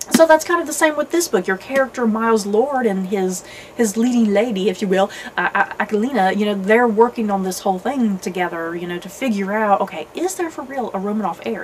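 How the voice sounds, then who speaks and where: A woman's voice: medium pitch, darkish tone, slight background noise, low-quality recording. A woman hosting a casual book review, talking in a chatty, hedging way with lots of "you know"s and restarts. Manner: thoughtful, hedging.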